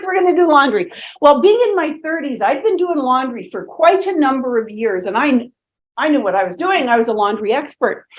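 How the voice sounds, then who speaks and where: A woman in her sixties giving a humorous storytelling talk to students in a lecture hall, asking the audience questions as she goes. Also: high voice. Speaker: speaker presenting to students. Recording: dull lo-fi recording.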